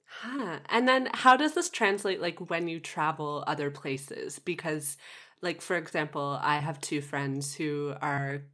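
A woman's voice: sits low, measured pace, pushed and bright. A woman hosting a casual interview, curious and asking follow-up questions. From Canada. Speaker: podcast host.

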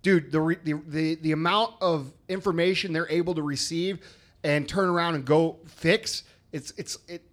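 A man's voice: a little high, steady tone, moderate pace, a bit bright. A man co-hosting a business podcast, talking bluntly and emphatically with lots of swearing. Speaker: podcast co-host. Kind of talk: casual business podcast chat.

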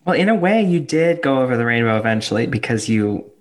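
A woman's voice: extremely low pitch, animated, fast talker. A woman hosting a podcast interview, enthusiastic and gushing about musicals. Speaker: podcast host. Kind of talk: casual interview chat.

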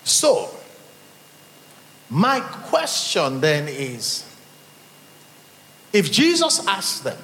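Nigerian male pastor, middle-aged, lively and fairly high voice, rhetorical sermon delivery, long church reverb. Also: very slow, pauses often. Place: church hall.

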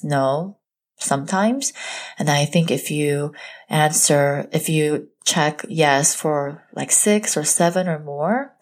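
A young woman and mother telling her own story to her viewers in a candid, confiding way, full of "like" and "you know". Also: on the low side. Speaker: mom vlogger. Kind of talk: personal storytime to camera.

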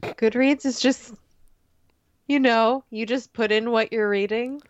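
A woman's voice: on the high side, a little slow, dry recording. Laughing woman podcast guest, dull mic. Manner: laughing, ranting, animated storytelling. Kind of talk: casual podcast chat.

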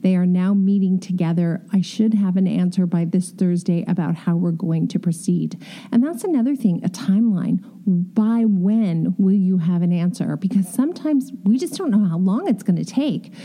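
Mellow-voiced woman telling candid work stories. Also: on the low side, normal speed. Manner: candid, self-deprecating, emphatic. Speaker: interior designer. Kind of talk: storytelling advice talk.

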